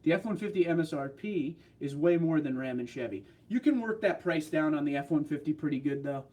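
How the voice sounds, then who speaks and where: A man's voice: fairly high pitch, animated, brisk, a little mellow. A man from New York with a New York accent, hosting a casual livestream and chatting and joking as he reads viewer comments aloud. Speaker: livestream host.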